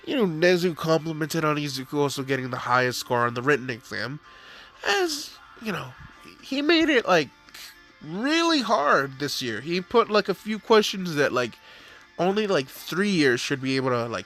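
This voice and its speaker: A man's voice: a little high, animated, moderate pace, bright, forceful tone, faint music behind. A young man improvising a fan story, rambling with lots of fillers. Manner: rambling, full of "you know" and "like".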